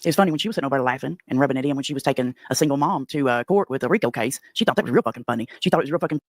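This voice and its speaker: A woman's voice: extremely low pitch, rapid-fire, no echo, studio quality. A woman with an East Tennessee accent ranting on a livestream in a brash, profane Southern drawl. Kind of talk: profane confrontational livestream rant.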